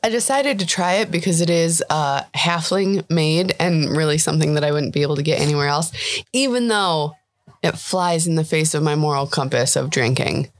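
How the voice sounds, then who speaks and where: A woman's voice: deep voice, normal speed, dry recording. A woman playing a tabletop game in casual, giggly chat. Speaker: player.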